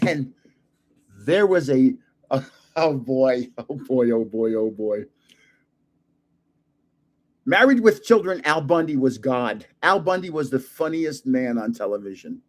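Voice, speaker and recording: A man's voice: mid-range voice, animated, measured pace. An older man hosting a card-opening video, chatting and rambling into funny stories that make him laugh. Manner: rambling, chatty storyteller who laughs at his own jokes. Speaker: card collector channel host. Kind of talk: casual chat while opening cards.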